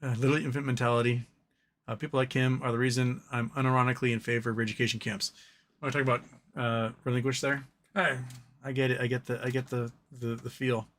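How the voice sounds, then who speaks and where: Bright-voiced man ranting on a livestream. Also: medium pitch, flat delivery, fast talker. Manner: rambling, profane, opinionated. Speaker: livestream host. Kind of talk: live-stream chat reading and ranting.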